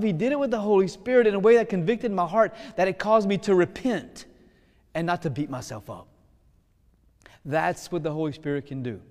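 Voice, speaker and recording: A man preaching a sermon with passion, swinging between loud pleading prayer and hushed, gentle speech. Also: on the high side, in a large hall.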